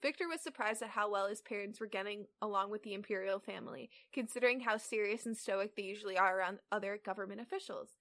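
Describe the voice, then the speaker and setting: Speaking fast with few pauses, a twenty-something woman co-hosting a casual podcast chats and reads fan fiction aloud, hesitant and tripping over words. Her voice is mid-range and a bit bright.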